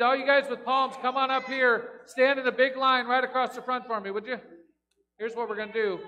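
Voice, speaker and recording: A man's voice: high voice, bright, forceful tone. A man leading a playful children's talk in church, joking and chanting call-and-response lines. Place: large church sanctuary. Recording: long reverb of a big church.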